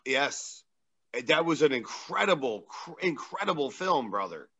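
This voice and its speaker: Bright-voiced, enthusiastic male podcast host. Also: a little high, very animated, a little slow. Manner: enthusiastic, praising, laughs often. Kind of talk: casual interview. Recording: dull lo-fi sound.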